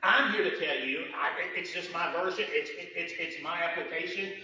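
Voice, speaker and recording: A middle-aged man preaching a sermon, telling folksy stories with lots of repetition and quick humor. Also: on the high side, bright, forceful tone, a little hiss or hum. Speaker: pastor. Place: church sanctuary. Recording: roomy church hall, voice from a distance.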